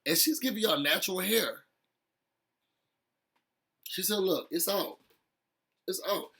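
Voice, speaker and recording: A man talks to his viewers in a loose, heartfelt recap of a reality show episode. His voice sits high and bright, and he keeps laughing and pressing his points with feeling. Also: slow pace. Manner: animated, laughing often, talking straight to viewers. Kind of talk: emotional casual recap chat.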